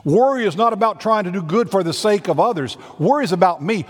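A man's voice: high voice, expressive, brisk, big-room sound. A man, a senior pastor preaching a conversational sermon full of repeated phrases and rhetorical questions.

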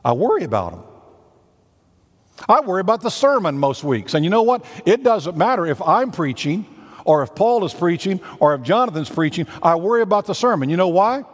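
A man's voice: high-pitched, very animated, brisk, in a large hall. A man, a senior pastor preaching a conversational sermon full of repeated phrases and rhetorical questions.

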